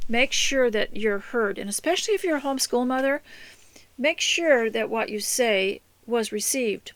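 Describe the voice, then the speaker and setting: A woman's voice: a little high, normal speed, fairly bright tone, dry recording, low-quality recording. A woman hosting a homemaking radio show, giving earnest, instructive advice in a casual talk to her listeners.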